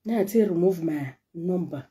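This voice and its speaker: A woman's voice: on the low side, lively intonation, moderate pace, dark tone. A middle-aged woman with a Nigerian accent, giving a heartfelt, emotional message to her followers as a vlogger. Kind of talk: emotional direct-to-camera message.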